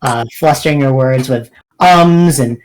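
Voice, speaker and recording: A man running a tabletop game as game master. He narrates slowly and unhurriedly, dropping in filler words. His pitch sits in a middle range. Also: low-quality recording.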